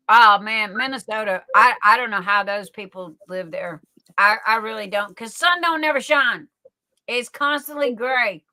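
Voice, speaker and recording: A woman's voice: a little high, normal speed, bright, forceful tone, no echo, low-quality recording. A woman telling folksy stories in casual livestream chat, often repeating and restarting words. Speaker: livestream guest.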